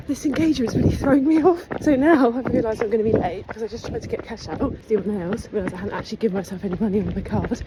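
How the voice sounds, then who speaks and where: A young English woman in her twenties chats to her camera, rambling and poking fun at herself. She talks fast, in a slightly high voice, with a faint hiss of noise behind her. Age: 20s. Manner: chatty and self-deprecating, rambling with lots of "like". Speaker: vlogger. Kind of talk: casual vlog chat.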